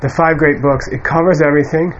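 A man's voice: a little high, steady tone, a little fast. A man giving an informal Buddhist teaching to a class, talking in a loose conversational way with many fillers and asides, recorded in a lecture room. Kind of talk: informal dharma lecture to students. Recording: muffled lo-fi room recording with faint hiss.

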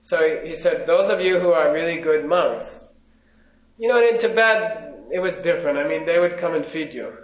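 A man teaching a class on Buddhism, reading out Tibetan lines slowly and then explaining them in casual, joking English to his students. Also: fairly high pitch. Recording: echoey, dull lo-fi room recording.

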